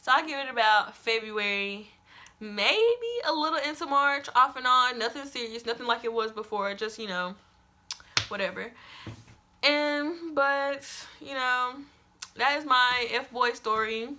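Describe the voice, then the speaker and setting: Bright, animated young woman vlogger. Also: fairly high pitch, measured pace. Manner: animated, dramatic, keeps addressing viewers as y'all. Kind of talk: story time vlog.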